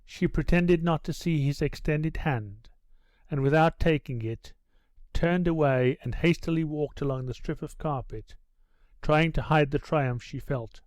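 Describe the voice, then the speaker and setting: A male audiobook narrator reading a classic novel in steady, unhurried narration. His voice sits a little high. The recording is dry with no room sound. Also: no echo. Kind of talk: scripted narration.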